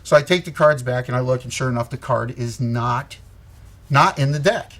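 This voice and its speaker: A man's voice: mid-range voice, normal speed, a bit bright. A man telling a long war story in casual, profane, rambling talk, laughing as he goes. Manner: rambling, swears a lot, laughs often. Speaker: co-host.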